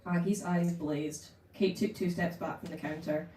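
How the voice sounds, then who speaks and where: A woman author, reading her novel aloud at a bookshop event in a measured narrating voice. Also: lowish voice, steady tone, warm tone, a little hiss or hum. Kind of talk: live book reading. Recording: roomy room, distant mic.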